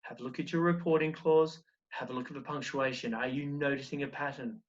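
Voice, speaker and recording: A man's voice: mid-range voice, steady tone, fairly quick, muffled recording. A man teaching a recorded primary school lesson, explaining step by step and asking encouraging questions.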